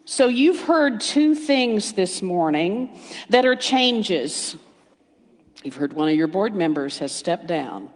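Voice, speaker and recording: A middle-aged woman minister giving a sermon, storytelling warmly with playful asides and hushed emphasis. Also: on the low side, sing-song, slow pace. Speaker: guest speaker minister. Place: church sanctuary. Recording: reverberant hall.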